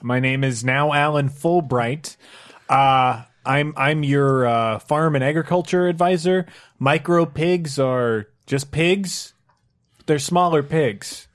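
A man improvising on a comedy podcast, deadpan with dry asides, playing a flat, matter-of-fact advisor. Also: on the high side, slow.

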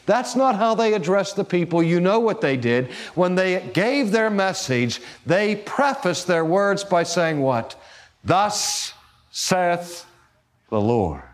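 A man delivering a theological lecture-sermon, speaking deliberately, pressing key words and putting rhetorical questions to his listeners. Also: high voice, sing-song. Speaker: preacher and teacher.

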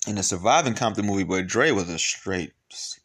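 A man's voice: on the low side, animated, a little fast, fairly bright tone. A man hosting casual reaction commentary, talking loosely in slang with laughing asides. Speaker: commentary host.

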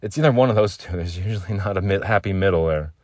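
Ranting man with a lowish voice. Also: quick pace, a little mellow, no room sound, clean studio sound. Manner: ranting, emphatic, profane. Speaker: podcast host. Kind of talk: solo podcast rant.

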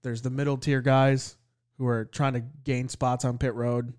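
A man's voice: mid-range voice, little pitch movement, normal speed, a little mellow, smooth. Dry-joking man in casual chat. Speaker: podcast co-host.

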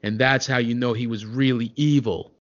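A man in a comedy sketch telling a rambling children's story, with many hesitations and a gruff tone toward the kids. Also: medium pitch, fairly even intonation, moderate pace, lo-fi sound. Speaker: comic storyteller doing an impression.

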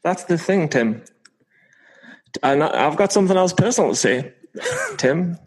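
A man's voice: fairly high pitch, sing-song, measured pace, long pauses, husky, low-quality recording. A man co-hosting a casual podcast chat, playful and given to mock-dramatic confessions. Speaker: podcast co-host.

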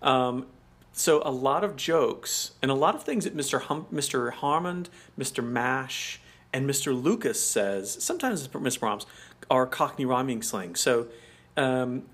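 A man's voice: mid-range voice, lively intonation, a little slow, a bit bright, husky. An American man co-hosting a podcast in casual chat, explaining at length and laughing often. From United States. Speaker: podcast co-host.

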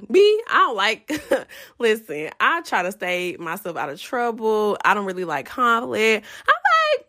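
A young adult woman telling a story to her viewers in a casual, profane, animated way, often breaking into laughs. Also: on the high side, a little slow.

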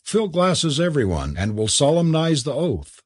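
Figure: a man voicing a pompous, pipe-smoking club leader. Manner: mock-legal. Pitch: raised. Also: very animated, unhurried, slightly rough, no room sound, clean studio sound, heavily acted. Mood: mock-solemn.

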